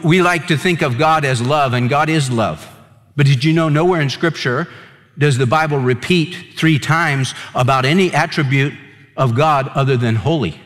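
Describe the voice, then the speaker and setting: A man pastor delivering a sermon in an earnest preaching manner, slowing and dropping low to stress key words. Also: in a large hall.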